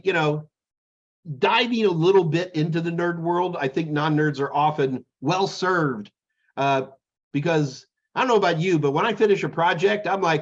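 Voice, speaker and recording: A man's voice: fairly high pitch, moderate pace, dull audio. A middle-aged man co-hosting a casual chat, rambling and joking as he tells stories. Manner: rambling, jokey, animated storytelling. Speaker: podcast co-host.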